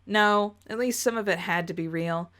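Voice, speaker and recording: A woman reading a story aloud and reacting to it in a chatty, expressive way. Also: medium pitch, normal speed. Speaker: reader reacting to fan fiction.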